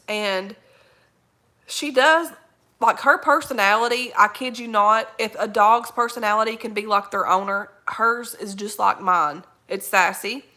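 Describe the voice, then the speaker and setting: Folksy gal chatting live with viewers, laughs a lot, real bright voice. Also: female voice, a little high. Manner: rambling, laughs often, folksy slang. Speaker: livestream host reading viewer comments. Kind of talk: casual live chat.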